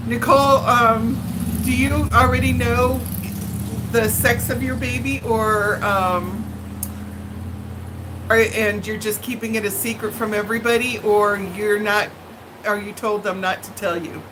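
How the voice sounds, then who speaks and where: A woman's voice: on the high side, steady tone, measured pace, noisy background. A woman hosting a live stream from home, chatting casually with viewers in a rambling, friendly way with lots of fillers. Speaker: livestream host chatting with viewers. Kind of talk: casual live-chat monologue.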